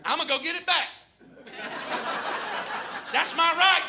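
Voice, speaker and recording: Brief: comedian puts on a profane, defiant conspiracy guy, high gravelly voice, ranting. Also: slow, noisy background, full character voice. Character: defiant, angry American male conspiracy believer.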